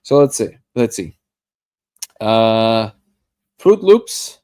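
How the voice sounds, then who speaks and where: A man's voice: on the low side, sing-song, drawn-out words, darkish tone, clean tone. A man hosting a daily live discussion, thinking aloud as he reacts to a video clip, often restarting and tripping over his words. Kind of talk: casual live commentary while watching a clip.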